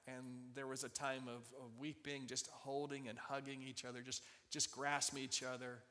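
A man's voice: mid-range voice, level tone, moderate pace, few pauses, a bit bright. A man preaching a sermon, retelling a Bible story and turning to the congregation to ask them to join in. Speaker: pastor. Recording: long hall reverb.

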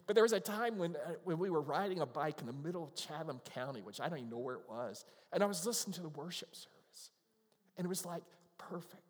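A man's voice: fairly high pitch, animated, fast talker, hardly any pauses, breathy edge. A man preaching a sermon in a conversational, earnest way who is moved to emotion easily. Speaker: pastor. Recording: long hall reverb.

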